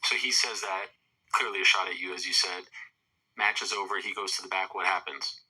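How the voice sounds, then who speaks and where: A man with a low, bright-edged voice conducts the interview. He asks quick follow-ups and recaps events at speed. The sound is dry, with no room echo. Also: level tone, slightly rough. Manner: probing, brisk follow-up questions. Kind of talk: interview questioning.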